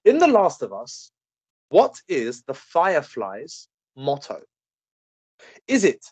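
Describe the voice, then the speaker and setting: A man hosting a casual podcast quiz, reading out questions, with playful laughs and quick asides. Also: on the high side, wildly swooping pitch, husky, no room sound. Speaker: podcast host, quizmaster.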